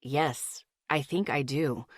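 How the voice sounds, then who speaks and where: A woman voicing a kind, gentle young man who speaks softly and low in a smooth, silky tone. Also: no room sound, clean studio sound, heavily acted. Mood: gentle, wry. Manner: soft, low and slow.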